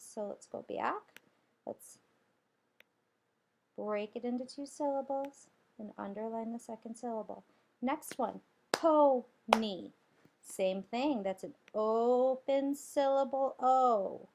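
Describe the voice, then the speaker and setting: A woman's voice: fairly high pitch, takes it slowly, vocal fry, long pauses, darkish tone, slight background noise. A woman teacher guiding children through a spelling lesson, patiently sounding out letters and syllables.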